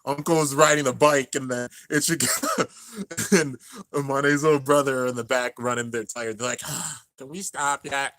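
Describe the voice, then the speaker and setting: A young man narrating an anime finale as he watches it live, excited and emotional. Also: medium pitch, moderate pace, dry recording. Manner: excited, narrating on-screen action, drops to near-tears murmurs. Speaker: anime reaction host. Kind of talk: live reaction commentary.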